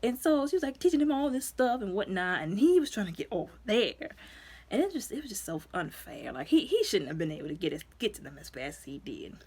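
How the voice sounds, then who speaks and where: A woman casually recapping a movie in a chatty, animated way. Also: mid-range voice, brisk, breathy edge. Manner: chatty, animated, colloquial, acts out quotes. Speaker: movie reviewer.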